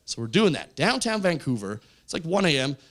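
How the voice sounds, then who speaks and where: A man in his forties from Canada, performing stand-up on stage, telling stories animatedly and jumping into loud, high character voices. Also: big pitch swings, brisk. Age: 40s. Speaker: stand-up comedian. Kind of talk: stand-up storytelling. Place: stage of a comedy show.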